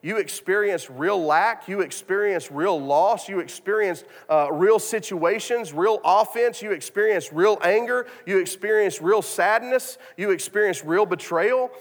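A man's voice: high-pitched, unhurried, few pauses. Man preaching in a reverberant hall. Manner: storytelling, repeats words, many restarts. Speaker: pastor. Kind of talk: sermon.

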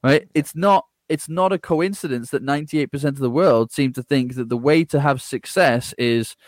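A man talking as a podcast guest in a casual conversation. He is energetic, laughs often and acts out other people's replies. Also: medium pitch, moderate pace, dry recording, clean studio sound.

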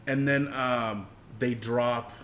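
A man co-hosting a podcast, recapping a movie in relaxed, slangy chat with casual swearing. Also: medium pitch, slow, slight background noise. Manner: laid-back, slangy, swearing. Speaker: podcast co-host.

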